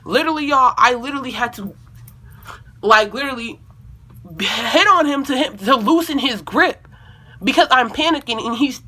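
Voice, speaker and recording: Bright-voiced young woman telling a storytime. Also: high-pitched, normal speed, long pauses. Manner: animated, profane, acts out quotes. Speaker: vlogger. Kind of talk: casual storytime vlog.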